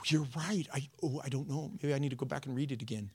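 A preacher voicing a timid, doubting believer who speaks quietly and hesitantly. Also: medium pitch, animated, a little fast, husky, pitched below the performer's own voice.

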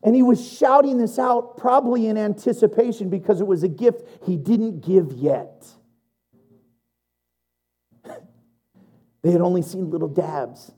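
Animated preacher with a mellow voice. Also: medium pitch, unhurried, pauses often. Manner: animated, laughs often, builds to loud emphatic delivery; chatty asides to the congregation. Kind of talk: sermon.

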